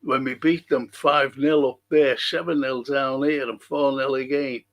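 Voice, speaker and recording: Slow, gravelly man hosting. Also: mid-range voice, fairly even intonation, fairly bright tone. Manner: chatty, swears, reads comments aloud and answers them. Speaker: host reading viewer comments. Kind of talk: casual live-stream chat.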